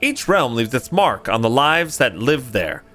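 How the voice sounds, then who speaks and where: A man voicing an earnest, gentle young male traveling priest while reading game dialogue aloud in a lifted, formal tone. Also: medium pitch, big pitch swings, unhurried, soft background music.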